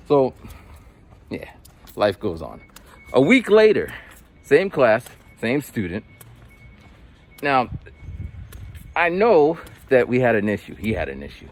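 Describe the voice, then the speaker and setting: A man in his forties, an English teacher, casually telling stories in a vlog and acting out quotes with big jumps in pitch. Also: wildly swooping pitch, a little slow, long pauses. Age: 40s.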